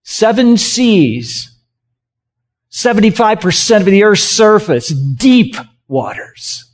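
In a high, sing-song voice, a pastor takes his sermon slowly. He speaks conversationally, asking the congregation questions and having them act out hand gestures along with him.

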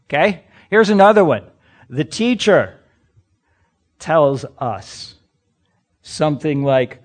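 A male pastor preaching at an unhurried, deliberate pace, with a voice that sits somewhat high for a man. He leans on rhetorical questions and swings between forceful emphasis and hushed, low passages. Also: sing-song. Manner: speaks to the congregation directly. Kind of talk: sermon.

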